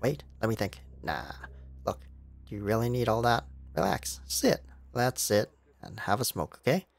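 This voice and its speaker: A man's voice: fairly low pitch, animated, moderate pace, vocal fry. Man putting on a spaced-out rambling camp cook. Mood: coaxing. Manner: drawling, evasive, keeps urging to sit and smoke.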